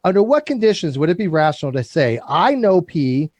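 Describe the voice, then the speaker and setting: A man's voice: on the high side, sing-song, a little fast, darkish tone, no echo. A man hosting a live call-in debate, confrontational and swearing, hammering the same demand over and over. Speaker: host of a call-in debate stream.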